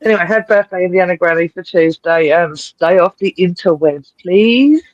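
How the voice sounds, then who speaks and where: A man's voice: high voice, normal speed, no room sound. A man co-hosting a casual chat over a phone call, teasing and jokingly mimicking his mum. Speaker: podcast co-host. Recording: dull dry phone line.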